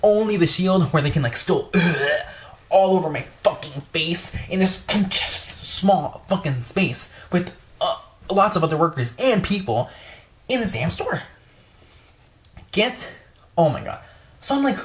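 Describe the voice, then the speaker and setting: A woman's voice: deep voice, big pitch swings, moderate pace. A young woman store worker ranting in a casual vlog, swearing often and exasperated, full of fillers.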